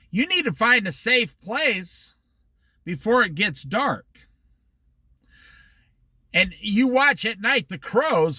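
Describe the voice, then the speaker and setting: A man with a fairly high, bright voice leads a casual Bible study, his pitch rising and falling a lot. He talks in a folksy, rambling way and drifts into side stories. The sound is dry, with little room around it. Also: no room sound. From Iowa. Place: outdoors by the ocean near a dock at dusk.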